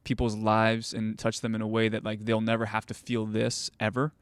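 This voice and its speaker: A man's voice: lowish voice, completely flat delivery, normal speed, clear, resonant tone, no room sound. A young man, a goalkeeper coach and host, telling stories casually with many fillers and restarts. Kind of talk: casual conversational storytelling.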